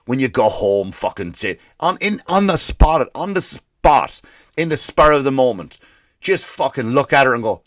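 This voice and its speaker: A male comedian and podcast host ranting in a profane, animated way, slipping into mock voices for the people he quotes. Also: mid-range voice, normal speed, dry recording, clean studio sound. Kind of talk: comedic rant.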